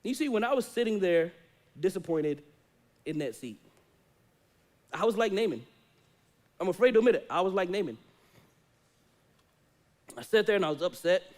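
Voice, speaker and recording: A man preaching a sermon in a church, telling a Bible story with animated, acted-out dialogue. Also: high voice, moderate pace, long pauses. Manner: animated storytelling, acting out quoted voices. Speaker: pastor. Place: church sanctuary.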